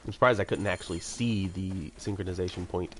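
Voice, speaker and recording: A man's voice: low-pitched, brisk, very noisy. A man giving casual, rambling commentary while playing a video game, with chatty self-mocking asides. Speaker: let's-play commentator. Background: video game music.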